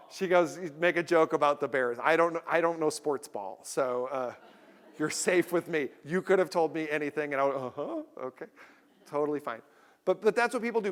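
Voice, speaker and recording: A man's voice: high voice, a bit bright. A man giving a humorous keynote talk to a conference audience, telling stories and acting out the people in them. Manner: storytelling, acts out voices for effect. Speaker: keynote speaker. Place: large conference hall. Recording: long hall reverb.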